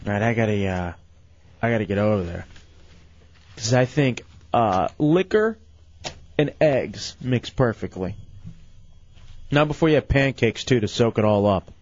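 A man hosting a casual late-night radio show, animated and full of incredulous questions, his voice going hoarse. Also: lowish voice, unhurried, long pauses, highs cut off.

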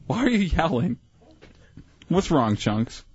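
A man's voice: fairly high pitch, big pitch swings, slow pace, highs cut off, very noisy. A man co-hosting a radio show, making dry, mocking jokes. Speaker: radio co-host. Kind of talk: casual radio banter.

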